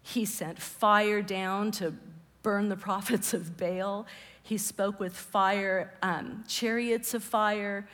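A woman's voice: medium pitch, steady tone, slow pace, fairly bright tone, in a large hall. A woman preaching a conversational sermon, often dropping her voice to a whisper for emphasis.

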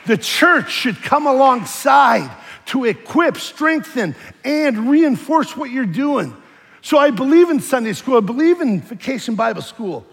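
A man preaching a sermon, lively and joking, swinging between shouting and hushed earnest lines. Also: very high voice, unhurried, creaky, long reverb tail, a faint crowd.

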